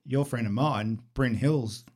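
A man's voice: medium pitch, measured pace, a little mellow, husky. A middle-aged man, chatting casually with a dry, teasing manner. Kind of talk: casual chat.

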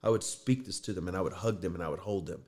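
Brief: middle-aged male podcast host, low voice, earnest, choked up at times. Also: animated, quick pace, a little mellow. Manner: earnest, emotional storytelling. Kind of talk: casual faith talk.

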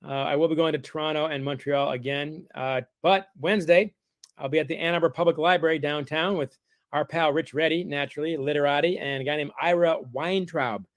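A middle-aged male author being interviewed, spinning stories with a wry, animated delivery. His voice is a touch high and the recording is dry and close. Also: brisk, no room sound. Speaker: guest author. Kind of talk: casual interview chat.

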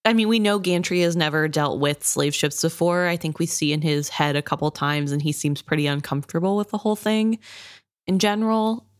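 A woman's voice: deep voice, brisk, no echo, clean studio sound. A woman co-hosting a book podcast, talking over the story in a chatty, sympathetic way. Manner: chatty, sympathetic, many "I think" asides. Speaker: podcast co-host. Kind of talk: casual book discussion.

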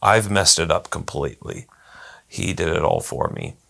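A man with a very low, creaky voice explains a Bible passage in a teacherly, unhurried way. His tone has a bright, sharp edge despite its depth, and he pauses often with "um" while working through his points. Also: huge pitch swings. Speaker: Bible study co-host. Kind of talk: casual Bible discussion.

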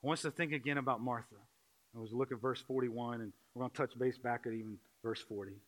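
A man pastor preaching a sermon, shifting from quiet, slow reflection to loud, pleading intensity. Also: fairly even intonation, poor audio. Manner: swings from quiet and slow to loud, high-pitched impassioned pleading.

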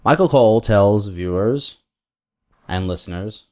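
A man's voice: medium pitch, expressive, normal speed, darkish tone. A man hosting a podcast, casually narrating fantasy wrestling segments. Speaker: podcast host. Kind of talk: reading out fantasy wrestling booking.

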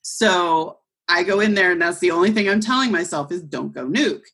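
Young woman co-host, slightly low and husky, casual and animated storyteller. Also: normal speed. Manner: animated storyteller, acts out quoted voices. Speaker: podcast co-host.

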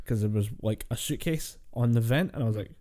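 A man's voice: mid-range voice, a little fast, warm tone. A man co-hosting a casual gaming podcast, telling stories in a rambling way with laughs, swears and restarts. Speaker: podcast co-host.

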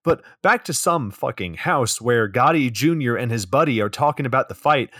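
A man's voice: medium pitch, animated, moderate pace, bright, forceful tone, no echo, studio quality. A man co-hosting a podcast, recapping a movie in a crude, sarcastic way. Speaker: podcast co-host. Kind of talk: casual comedic movie recap.

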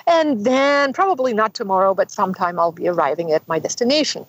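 A woman guest in an interview, telling a long personal story in an animated way and acting out the quoted dialogue. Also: medium pitch, a little fast, low-quality recording. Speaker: guest author.

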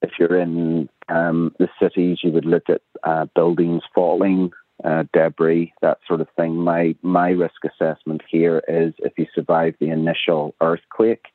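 A man's voice: low-pitched, monotone, measured pace, dry recording. A man with a Belfast accent, a radio interview guest calling in, explaining in a plainspoken, matter-of-fact way. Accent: Northern Irish, Belfast. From Northern Ireland. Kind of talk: talk radio interview by phone. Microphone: telephone. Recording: tinny phone line.

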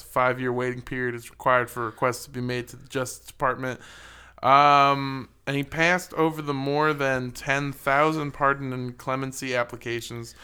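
Bright, crisp-voiced man reading news sarcastically. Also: mid-range voice. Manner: reads news aloud with sarcastic, profane asides. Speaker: podcast co-host reading news. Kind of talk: casual comedic podcast chat.

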